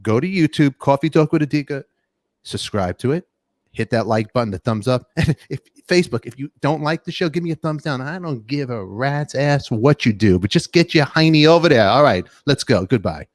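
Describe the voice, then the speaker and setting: Brash joking host, male, dry close mic, calls out chat viewers rapid-fire. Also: medium pitch, expressive, no echo. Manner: loud, joking, rapid shout-outs to chat. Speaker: podcast host. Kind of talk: lively live-stream chat.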